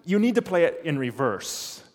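Brief: man doing a gentle, coaxing mother, long hall echo. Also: fairly high pitch, big pitch swings, normal speed, voice pushed up. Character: patient, loving mother teaching her son.

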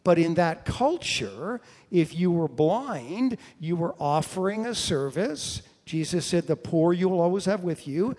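A man preaching a sermon, retelling stories and acting out the people in them, now and then breaking into a shout. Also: high-pitched, sing-song, a little slow, hardly any pauses. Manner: storytelling, acts out quoted voices with sudden shouts. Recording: long hall reverb.

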